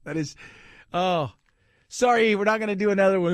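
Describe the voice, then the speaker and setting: A man hosting a talk radio show, riffing in a jokey, animated way and laughing loudly. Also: high voice, brisk, long pauses, no room sound, studio quality. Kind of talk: casual talk radio banter.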